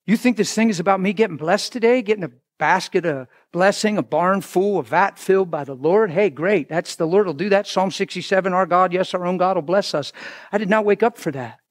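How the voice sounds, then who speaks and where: A man preaching a sermon as pastor, fervent, swinging between shouts and hushed passages. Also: high voice, a little fast, hardly any pauses, no room sound, studio quality.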